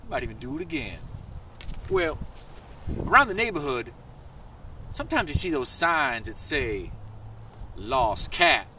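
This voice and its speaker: A man narrating a children's adventure story in an animated, playful way, swooping high for excited questions. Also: measured pace, pauses often, far from the mic, a little hiss or hum.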